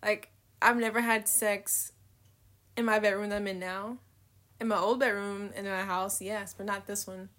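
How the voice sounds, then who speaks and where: A woman's voice: medium pitch, flat delivery, moderate pace, a bit bright. A young woman vlogging in a casual, candid monologue, rambling between thoughts, swearing freely and laughing often.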